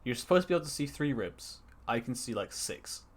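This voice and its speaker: Man, casual podcast chat, animated pitch, rambling, swears, online call. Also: fairly quick. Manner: rambling, swearing, many restarts. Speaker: podcast co-host.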